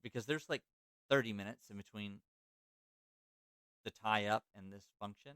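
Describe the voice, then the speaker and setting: Podcast host, male, low smooth voice, casual storyteller, loose with "like" and restarts, dry close mic. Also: normal speed, a bit bright, no echo. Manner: loose, filler-heavy, self-correcting.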